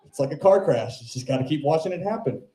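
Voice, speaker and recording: A man's voice: on the high side, expressive, quick pace, dark tone. A male stand-up comic telling a rambling, self-mocking story on a club stage into a handheld mic. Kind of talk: stand-up set and chat. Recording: echoey club room.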